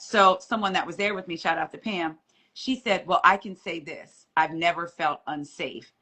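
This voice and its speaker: A woman telling a story on a live stream as a guest courtroom reporter, animated and acting out the voices of the people she quotes. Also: lowish voice, moderate pace, breathy edge.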